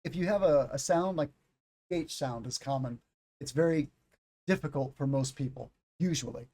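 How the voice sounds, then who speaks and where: A man teaching English pronunciation on a live stream, explaining slowly, demonstrating sounds and joking, with a bit of sinus congestion. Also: on the high side, dark tone.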